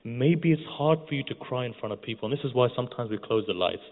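A male preacher with a mid-range voice and lively intonation talks fast as he delivers a mourning sermon, addressing the congregation directly and guiding them through an imagined scene. The recording sounds tinny and phone-like, with long hall reverb.

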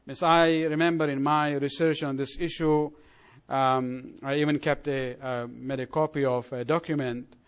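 A middle-aged man lecturing an audience on history in a measured way, often pausing on fillers and correcting himself mid-word. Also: mid-range voice, fairly even intonation, clear, resonant tone, muffled recording. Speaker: religious lecturer.

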